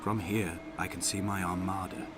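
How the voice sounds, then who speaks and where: Man playing a grieving island narrator, very low voice, slow and mournful, game music behind. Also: level tone, lightly acted.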